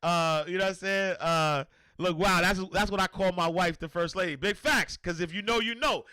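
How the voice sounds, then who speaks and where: A man from Harlem with a New York accent talks off the cuff to his livestream audience. His voice sits high and bright, and he piles on slang and repeats himself as he goes. He is recorded dry and close to the mic. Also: moderate pace, clean tone, no room sound. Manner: animated, repetitive, slangy, restarts a lot. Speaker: host. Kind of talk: casual livestream monologue.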